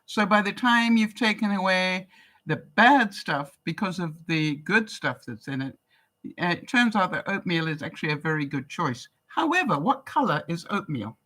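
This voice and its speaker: An older woman from Canada chatting casually on a live stream, answering viewer comments in a chatty, relaxed way. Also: lowish voice, normal speed, poor audio. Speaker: vlogger.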